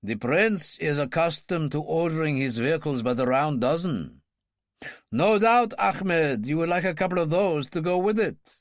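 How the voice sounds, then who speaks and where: A man's voice: fairly high pitch, huge pitch swings, takes it slowly, dry recording, voice pushed up, full character voice. A male narrator voicing a dry, wry older king. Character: dry-witted older Middle Eastern king.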